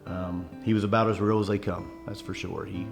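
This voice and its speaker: A man's voice: deep voice, flat delivery, brisk, vocal fry. A man talking plainly about how his family raised him, repeating himself as he goes. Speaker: grandson interviewed about family. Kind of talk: interview. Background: guitar music.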